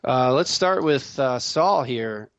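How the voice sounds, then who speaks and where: A man hosting a casual gaming podcast, reading news in a relaxed way with many fillers. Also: mid-range voice, slow, dry recording, highs cut off. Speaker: podcast host.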